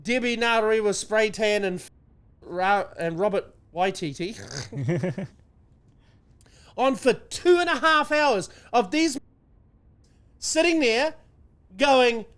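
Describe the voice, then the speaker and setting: A New man with a fairly high voice rants his way through casual podcast banter. He is sarcastic and swears a lot, and his indignation is played half for laughs. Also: animated, slow pace, pauses often, a bit bright, clean tone. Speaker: podcast co-host.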